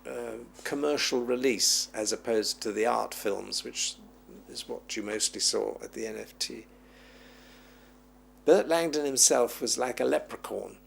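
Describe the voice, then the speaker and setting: A creaky, mid-range male voice belongs to a film historian being interviewed. He reminisces at length and tells his stories with animation, acting out the voices of the people he quotes.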